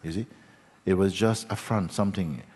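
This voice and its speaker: A man with a very low, husky voice leads a satsang, telling his story gently and meanderingly, full of restarts and little tag questions. His voice rings out in a big hall with a long reverb. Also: moderate pace. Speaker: spiritual teacher. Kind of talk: satsang talk.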